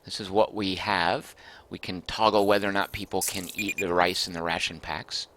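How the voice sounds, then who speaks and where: A man's voice: low voice, level tone, moderate pace, fairly bright tone, no room sound. A man casually commenting as he streams a game, thinking aloud and reading out viewer comments.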